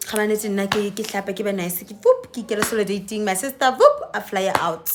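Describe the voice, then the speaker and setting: A young South African woman telling a storytime vlog in an animated, dramatic way, acting out dialogue and switching languages mid-sentence. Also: medium pitch, fast talker, few pauses, slight background noise. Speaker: vlogger.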